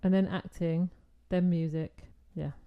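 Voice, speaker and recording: A woman co-hosting a podcast, easygoing and quick to laugh along, sometimes reading facts out loud. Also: on the low side, fairly even intonation, clear, resonant tone, narrow, tinny audio. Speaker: podcast co-host. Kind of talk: casual chat.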